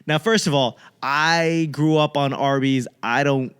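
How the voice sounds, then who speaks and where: A young man from the Boston area riffs through a loose comic monologue as host of his own podcast. He talks casually and profanely, wanders off on tangents, and drops into quick voices for other people. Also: fairly high pitch, smooth. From Boston area, USA. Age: young adult. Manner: rambling, profane, animated impressions of others.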